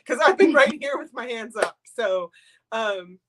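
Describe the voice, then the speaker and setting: A woman's voice: a little high, lively intonation, unhurried, a bit bright, slight background noise. An older woman hosting a live stream in casual chat, rambling and emotional, sniffly from crying. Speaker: livestream host.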